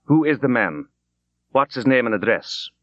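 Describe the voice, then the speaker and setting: A man's voice: mid-range voice, lively intonation, quick pace, fairly bright tone, no room sound, lo-fi sound, pitched above the performer's own voice, lightly acted. A man voicing a suspicious young provincial constable who questions in clipped, authoritative tones.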